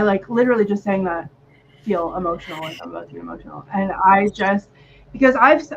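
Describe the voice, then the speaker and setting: A woman co-hosting a casual chat, gushing and rambling with many "um"s. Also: medium pitch. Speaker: podcast co-host. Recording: slightly muffled with faint noise.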